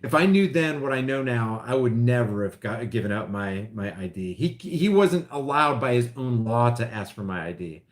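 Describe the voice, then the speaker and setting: A man's voice: medium pitch, expressive, normal speed, hardly any pauses. Rambling middle-aged man streaming. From Oklahoma. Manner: rambling, restarts, swings loud and quiet. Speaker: vlogger reading live chat. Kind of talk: casual livestream chat.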